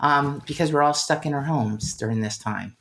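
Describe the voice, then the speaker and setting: A woman's voice: sits low, normal speed, fairly bright tone, poor audio. A woman chatting as a podcast guest, friendly with some hesitant fillers.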